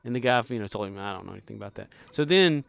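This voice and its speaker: A man's voice: on the low side, animated, very fast, gravelly, dry recording. A man streaming a game, telling a long casual story in a rambling way with many fillers and chuckles. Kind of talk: casual storytelling while gaming.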